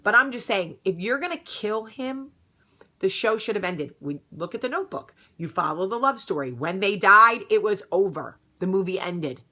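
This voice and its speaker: A woman vlogging in an animated, emphatic way, ranting loudly and then talking more calmly. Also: mid-range voice, normal speed. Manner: animated, emphatic, swings from loud outrage to calmer advice. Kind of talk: casual vlog rant.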